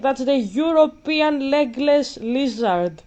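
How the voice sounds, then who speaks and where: A woman's voice: sits high, slow, few pauses, a little mellow. A woman vlogger ranting in casual commentary while gaming, blunt and profane, a bit out of breath.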